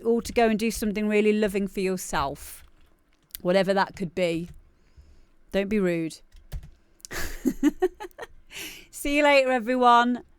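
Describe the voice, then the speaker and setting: Brief: female stream host, smooth clear voice, dry close sound, loose giggly chatter. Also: mid-range voice, no room sound. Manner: chatty and giggly, rambling with many fillers. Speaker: livestream show host. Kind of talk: casual livestream chat.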